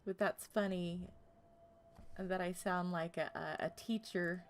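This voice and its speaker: A woman's voice: fairly low pitch, fairly even intonation, a little slow, slight background noise. A woman from Oklahoma streaming a game, chatting casually with her viewers, laughing often and talking earnestly about her feelings. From Tulsa, Oklahoma.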